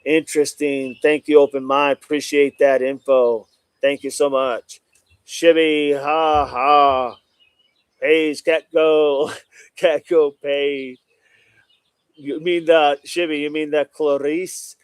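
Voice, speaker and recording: Male live-stream host, casual chat with viewers, clean resonant voice, slightly high, greets everyone by name. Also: little pitch movement, slow, smooth, no echo. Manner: greets viewers by name, repeats "no doubt about it". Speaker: livestream host reading chat.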